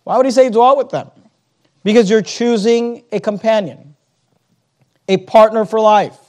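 High-voiced man preaching a sermon. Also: fairly even intonation, measured pace, darkish tone. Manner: emphatic preaching with repeated phrases and asides to the congregation. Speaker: pastor.

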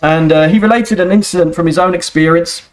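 A man's voice: sits high, brisk. A man preaching a sermon with earnest emphasis and rhetorical questions, speaking.

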